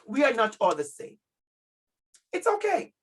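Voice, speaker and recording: A man with a Jamaican accent giving a lively workshop talk to parents over a video call, stressing key words by repeating them and calling out audience members by name. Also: very high voice, unhurried. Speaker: keynote speaker at a parent conference.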